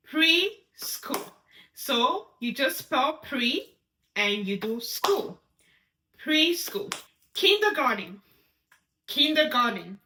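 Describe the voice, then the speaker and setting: A young woman leads a beginner sign language lesson in a high, bright voice. She talks slowly and carefully and repeats each word before walking through the handshape. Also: reverberant, a little hiss or hum.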